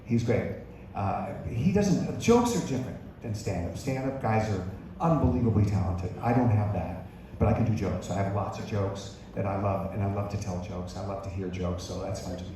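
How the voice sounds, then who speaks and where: A man's voice: on the low side, normal speed, mellow. An older male musician being interviewed on stage, chatty, joking and self-deprecating. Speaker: guest musician. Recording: echoey hall, distant mic, noisy.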